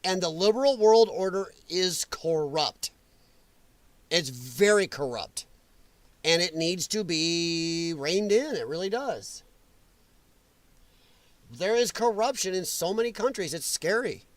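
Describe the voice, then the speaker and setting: Brief: male show host, high voice that swings wildly, sarcastic and worked up, dry close sound. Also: expressive, takes it slowly, long pauses, dry recording. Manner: heated, sarcastic, mocking. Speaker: political commentary host. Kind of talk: livestream rant.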